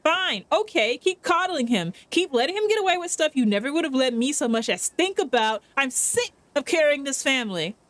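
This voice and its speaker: A woman voicing an angry, resentful young woman who shouts. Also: high voice, big pitch swings, brisk, hardly any pauses, no echo, pitched above the performer's own voice.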